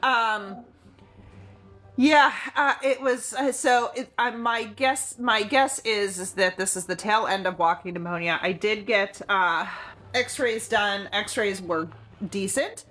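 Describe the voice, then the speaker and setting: A middle-aged woman who live-streams from an animal sanctuary chats casually from indoors at home, filmed by a camera on a tripod. Her mid-range voice has a fairly bright tone, and she speaks slowly, rambling with lots of fillers.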